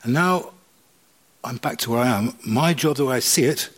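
A man telling his own life story to an audience, animated and acting out the conversations he recalls. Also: medium pitch, normal speed. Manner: animated storyteller, acts out dialogue. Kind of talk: personal testimony to an audience.

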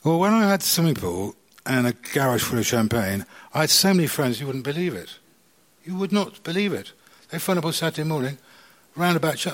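A man telling his own life story to an audience, animated and acting out the conversations he recalls. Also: fairly high pitch, fairly quick. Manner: animated storyteller, acts out dialogue. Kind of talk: personal testimony to an audience.

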